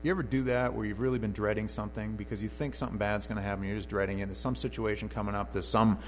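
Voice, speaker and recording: A man's voice: fairly low pitch, steady tone, very fast, a little hiss or hum. A man preaching a conversational sermon in a church, reading scripture aloud and then explaining it in plain talk.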